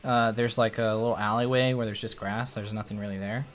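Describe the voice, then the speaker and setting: Chatting casually, a male streamer rambles through a long story, swears a lot, and slips into exaggerated voices to quote others. He has a lowish voice and talks a little fast.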